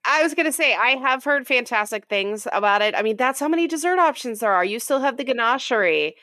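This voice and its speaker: An upbeat woman talking in a relaxed, casual chat as a podcast co-host, laughing easily between points. Her voice is dry and close, with no room around it. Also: a little high, brisk, no echo. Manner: enthusiastic, laughs often.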